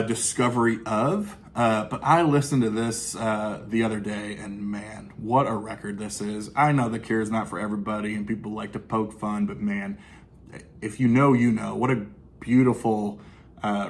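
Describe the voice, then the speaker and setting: A man's voice: fairly low pitch, steady tone, moderate pace, slight background noise. A man casually talking through his recent record purchases, enthusiastic and rambling, with lots of fillers and restarts. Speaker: vinyl collecting YouTuber. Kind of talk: casual record haul review.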